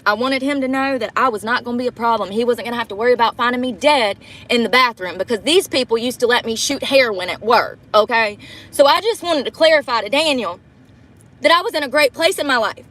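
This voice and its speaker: A young woman with a fairly high voice talks bluntly and swears constantly, exasperated as she does her makeup. She is sitting in a parked truck and speaking into a phone camera in a loose storytelling way. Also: quick pace, a bit bright. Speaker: vlogger livestreaming a get-ready-with-me. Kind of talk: casual storytelling while doing makeup.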